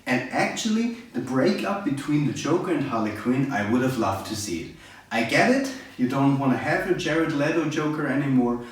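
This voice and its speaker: A man's voice: mid-range voice, moderate pace. Guy ranting about a movie, sarcastic and fed up, sounds far from the mic. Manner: sarcastic, exasperated, animated. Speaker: movie reviewer. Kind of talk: casual opinionated rant. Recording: very echoey room, distant mic.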